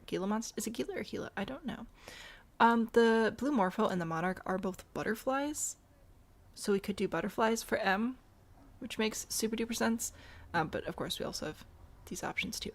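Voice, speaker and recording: Chatty woman with a gravelly edge. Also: fairly low pitch. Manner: chatty, thinks aloud, talks to the animals. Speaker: game streamer. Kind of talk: casual let's-play commentary.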